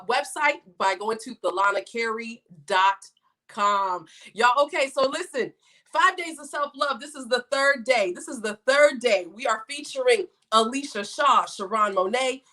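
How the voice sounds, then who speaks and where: A woman's voice: fairly high pitch, pushed and bright. A woman hosting a livestream in a casual, chatty way, reading viewer comments and hyping her guests. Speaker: host.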